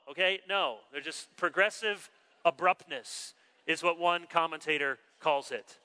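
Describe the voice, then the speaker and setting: Bright-voiced preacher in a reverberant hall. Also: male voice, on the high side, unhurried, clean tone. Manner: animated, acts out quoted dialogue. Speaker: pastor. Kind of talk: sermon. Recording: long reverb of a large hall.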